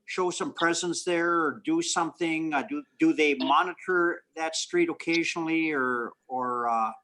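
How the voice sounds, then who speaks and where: Halting council member, slightly high. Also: male voice, bright, forceful tone. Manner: halting, repeats words, polite. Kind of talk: remote council meeting discussion.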